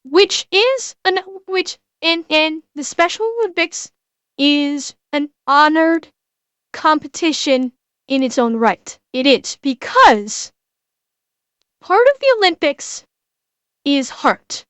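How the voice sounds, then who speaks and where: A woman streamer giving a casual reaction commentary, earnest and emotional, talking in halting bursts full of restarts and repeated words. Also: high-pitched, animated, a bit bright, dry recording.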